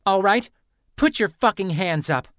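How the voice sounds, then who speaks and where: A man's voice: a little high, expressive, a little slow, fairly bright tone, clean tone, dry recording, clean studio sound, pitched above the performer's own voice. A man voicing a fiery, snide young female student in an audiobook. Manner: snide, combative.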